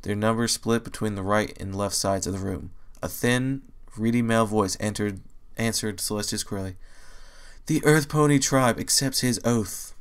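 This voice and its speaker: A man reading fan fiction aloud as a narrator, in steady storytelling. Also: on the low side. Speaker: audiobook reader.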